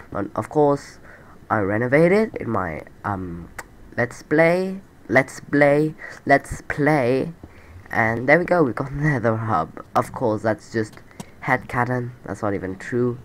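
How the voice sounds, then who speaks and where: Taking it slowly, with a mid-range voice and lively intonation, this stuffy-nosed, nasal-sounding man provides casual let's play commentary on his game build. He rambles, repeats himself and makes fun of himself.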